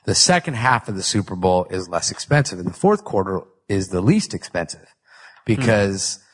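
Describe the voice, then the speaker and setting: A man's voice: sits low, very animated, normal speed, husky. A man co-hosting a podcast, explaining points step by step and dropping jokey asides. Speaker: podcast co-host. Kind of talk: casual chat.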